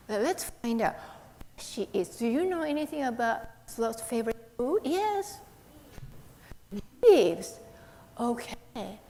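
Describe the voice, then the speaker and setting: A woman's voice: a little high, creaky, dark tone. A woman minister giving a playful children's sermon with a puppet, coaxing the kids with questions. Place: temple hall. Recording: echoey hall, faint hiss.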